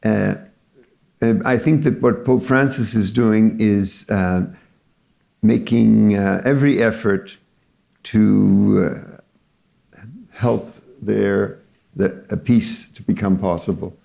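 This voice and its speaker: An older man, a cardinal, answering a panel question in a measured, hesitant way with many pauses and fillers. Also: on the low side, steady tone, gravelly, mellow.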